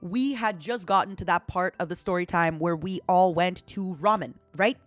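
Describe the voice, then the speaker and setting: A woman's voice: on the low side, moderate pace, no room sound, soft background music. Chatty woman telling stories. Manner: chatty, playful, animated storytelling with put-on quotes. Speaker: streamer. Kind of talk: casual chat and storytelling.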